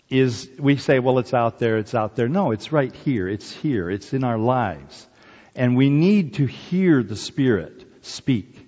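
Pastor preaching in an echoing hall. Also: male voice, medium pitch, a little mellow. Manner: earnest, addressing the congregation. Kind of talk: sermon. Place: church hall. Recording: dull lo-fi recording with long hall reverb.

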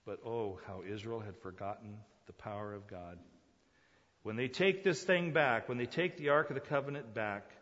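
A man preaching a sermon as pastor, shifting from hushed, low lines to loud, high exclamations, with chuckles and restarts. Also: normal speed. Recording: dull reverberant hall sound.

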